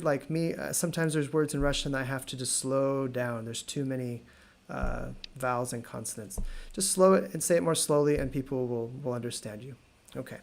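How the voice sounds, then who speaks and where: American man teaching slow, careful pronunciation. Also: on the high side. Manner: slow careful repetition of words, friendly and joking. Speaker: English teacher. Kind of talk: online English lesson.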